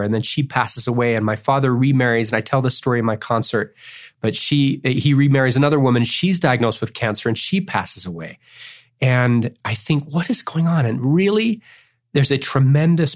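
Earnest, weepy man telling stories. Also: mid-range voice. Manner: tearful, tangent-prone, earnest. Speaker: cellist guest on a faith podcast. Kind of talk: emotional interview storytelling.

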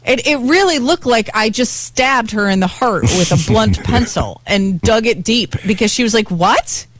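Animated woman co-hosting morning radio. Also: on the high side, normal speed. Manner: animated storyteller, acts out her mother's lines. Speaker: radio morning show co-host. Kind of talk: casual radio banter. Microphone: studio microphone.

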